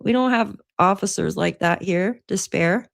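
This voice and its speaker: A woman's voice: medium pitch, unhurried, vocal fry. A woman hosting a casual livestream from home, chatty and laughing often, swearing freely. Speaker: livestream host. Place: at home by her computer.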